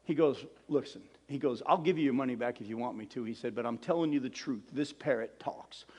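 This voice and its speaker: A man preaching as a pastor, telling a joke with lively character voices before moving into an earnest prayer. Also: mid-range voice, brisk, husky, in a large hall. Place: church hall with a congregation.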